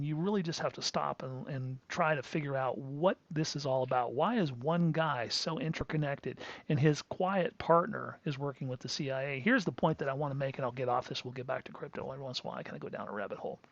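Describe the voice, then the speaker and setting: A man's voice: a little high, creaky, no room sound. A middle-aged man hosting a crypto livestream, ranting emphatically and rambling, with frequent restarts and asides. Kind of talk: live-streamed rant. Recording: dull lo-fi stream audio.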